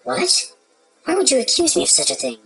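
In a scripted comedy skit, a woman plays a devoted but puzzled wife who earnestly explains herself to her concerned husband. Her high voice swoops wildly in pitch and moves fairly quickly, with loud music behind it on a rough recording.

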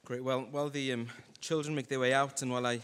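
Joking preacher with hall reverb. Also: male voice, medium pitch, flat delivery, fast, a bit bright, smooth. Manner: conversational and humorous. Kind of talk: sermon. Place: church hall.

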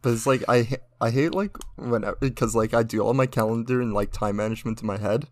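A man's voice: mid-range voice, quick pace. A young man in casual chat, ranting with lots of swearing as he tells stories about his parents. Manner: ranting, profane, storytelling.

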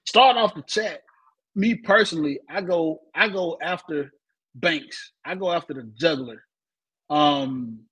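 Husky laid-back man hosting sports talk. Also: fairly high pitch, a little slow, a bit bright, low-quality recording. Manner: laid-back, says "man" at the end of many lines. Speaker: podcast host.

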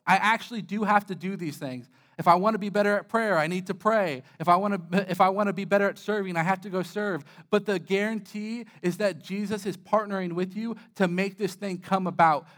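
Young guy pastor preaching, kinda high voice, candid and self-deprecating, lots of uhs. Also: a little fast, hardly any pauses, a bit bright. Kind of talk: sermon.

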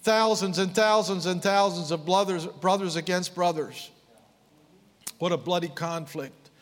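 Fervent high-voiced preacher in a hall. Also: male voice, unhurried. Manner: fervent, rising to impassioned outbursts then dropping low. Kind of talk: sermon.

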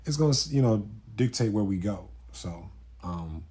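A man co-hosting a podcast, talking in a calm, measured way in a casual chat. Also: lowish voice. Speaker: podcast co-host.

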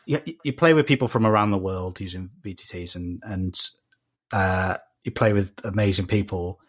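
A man's voice: low voice, moderate pace. A man with a South Welsh accent, a guest on a casual podcast, talking with many fillers and restarts. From Wales.

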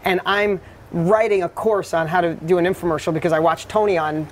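A middle-aged man telling his life story as a podcast guest, animated and blunt, swearing freely. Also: high-pitched, fairly quick, a little hiss or hum. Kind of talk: candid storytelling.

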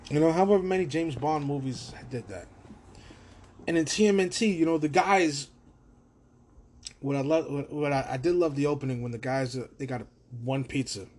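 A man hosting a casual solo podcast from his own room, rambling, swearing and animated. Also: fairly high pitch, moderate pace. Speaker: podcast host.

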